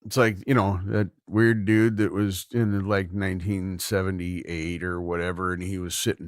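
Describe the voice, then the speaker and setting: A man's voice: low-pitched, flat delivery, normal speed, few pauses, no echo. A middle-aged man hosting a casual livestream from a room at home, rambling easily and thinking aloud. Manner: rambling, easygoing, thinks aloud with many restarts. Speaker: livestream host.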